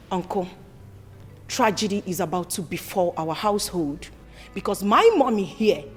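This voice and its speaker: A woman's voice: medium pitch, lightly acted. A young adult woman with a Nigerian accent playing an angry grown daughter who scolds her family in a film drama. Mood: grave. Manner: indignant, sharp, rapid scolding.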